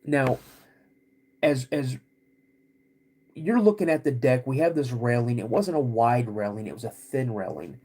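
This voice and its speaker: A podcast host telling a personal story in a halting, casual way, with many restarts. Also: male voice, medium pitch, animated, dark tone.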